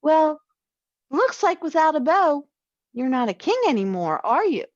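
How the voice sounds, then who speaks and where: A woman voicing a gentle, teasing mother in a children's story read aloud. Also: high-pitched, big pitch swings, unhurried, dull audio, pitched above the performer's own voice. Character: gentle tactful mom, adult woman.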